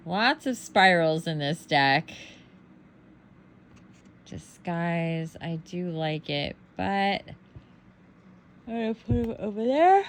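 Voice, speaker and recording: A tired woman talks slowly and drowsily through a card deck at home, her voice sitting a little low. She sounds relaxed and half-asleep, and faint background noise hums under her. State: sleepy, yawning. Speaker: tarot deck reviewer. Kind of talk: casual unboxing commentary.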